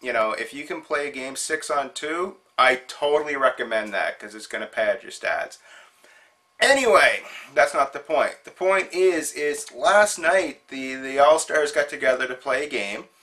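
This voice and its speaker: A man's voice: mid-range voice, expressive, normal speed, sharp tone. A man hosting his own show, telling a funny story in a chatty, amused way. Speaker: show host. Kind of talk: casual storytelling monologue.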